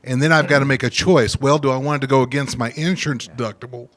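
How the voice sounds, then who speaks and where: A man's voice: mid-range voice, steady tone, fast talker, fairly bright tone. A man from the audience asking a hesitant, curious question about prices.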